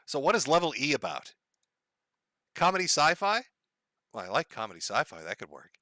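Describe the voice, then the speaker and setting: A man's voice: medium pitch, wildly swooping pitch, fairly quick, bright, forceful tone, no room sound. A man hosting a casual livestream, rambling and swearing and laughing often. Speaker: livestream host.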